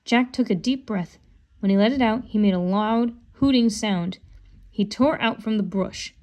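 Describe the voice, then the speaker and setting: A woman reading a children's book aloud in a calm, unhurried voice. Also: mid-range voice. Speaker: storybook reader.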